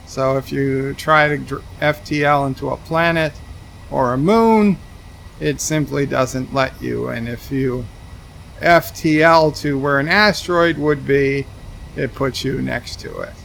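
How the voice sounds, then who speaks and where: A man's voice: medium pitch, measured pace, vocal fry, a bit bright, a little hiss or hum. A man streaming a game, reading chat messages aloud and answering them with dry asides. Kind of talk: casual livestream commentary.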